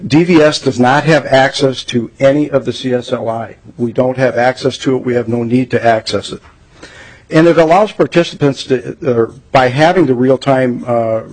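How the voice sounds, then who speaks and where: A man, a state traffic safety director, giving measured formal testimony at a legislative hearing with frequent pauses and fillers. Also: medium pitch, a little mellow, husky, poor audio.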